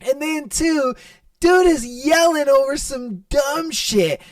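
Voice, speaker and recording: A man's voice: extremely high pitch, a little slow, dry recording, far from the mic. A young man hosting a podcast, telling funny customer stories in a casual, profane way and laughing as he goes. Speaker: podcast host. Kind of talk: casual storytelling monologue.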